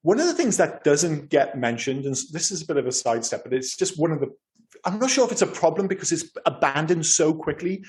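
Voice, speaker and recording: Animated man, slightly high voice. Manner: animated, swearing, quick asides. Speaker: podcast co-host. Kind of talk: casual film chat.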